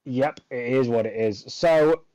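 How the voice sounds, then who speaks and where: A man's voice: medium pitch, unhurried, mellow, no echo, low-quality recording. A man doing live commentary and interviews for a sim racing league, dry and sarcastic, rambling with fillers.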